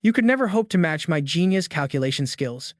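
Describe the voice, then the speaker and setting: A man's voice: fairly high pitch, lively intonation, fairly quick, no echo, lightly acted. A man voicing a small male robot helper who lectures stiffly, with a slightly raised voice and a dry sound in this storybook recap. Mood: lecturing. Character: fussy know-it-all male robot helper.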